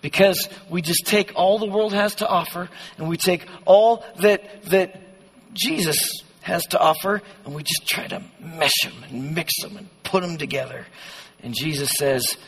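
High, bright-voiced man preaching. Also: unhurried, slightly rough. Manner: passionate, conversational preaching. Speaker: youth pastor. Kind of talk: sermon. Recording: long hall reverb.

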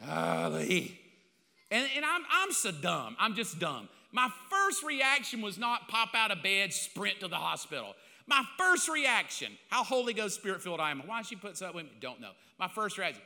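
An older male pastor preaches with a high, piercing, forceful voice. He tells a story on himself, self-mocking and confessional, dropping to near-whispers and then rising again. The sound rings with the long echo of a large hall. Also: wildly swooping pitch, moderate pace, vocal fry. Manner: confessional, self-mocking, swings between loud and hushed. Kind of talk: storytelling sermon.

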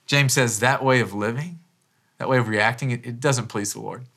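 A man's voice: mid-range voice, normal speed, fairly bright tone. A pastor in his thirties preaching a sermon in a casual, conversational way, often restarting phrases and dropping in "man" as an aside. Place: church.

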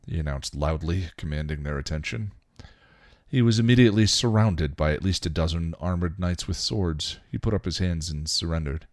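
A man reading a fan story aloud in steady storytelling narration. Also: sits low, moderate pace, no echo, clean studio sound. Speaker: reader.

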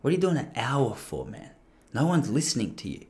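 A man's voice: medium pitch, very animated, brisk, a little mellow, pitched below the performer's own voice. A man putting on the voice of a blunt, laid-back male mate with a tough-guy drawl, mumbled and dismissive.

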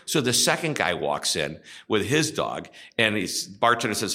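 A man's voice: on the low side, sing-song, normal speed, few pauses, sharp tone. A middle-aged man, a guest on a podcast about customer service, talking in a chatty way and telling a joke with voices for each character. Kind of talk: casual interview talk.

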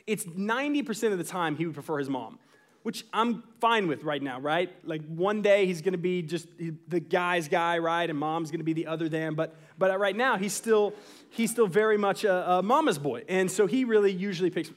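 A man in his thirties preaching a sermon, telling a family story with animated asides and acting out quotes. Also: sits high, moderate pace. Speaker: pastor.

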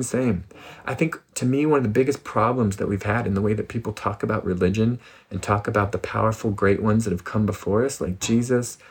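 Husky man giving a playful spiritual talk. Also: medium pitch. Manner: animated, playful, laughs often. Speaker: spiritual speaker.

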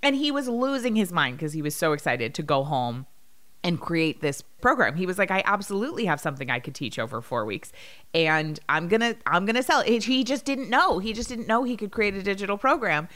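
A woman in her thirties co-hosting a podcast, chatting casually and telling stories with lively quoted voices. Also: mid-range voice, a little fast. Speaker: podcast co-host. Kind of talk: casual chat.

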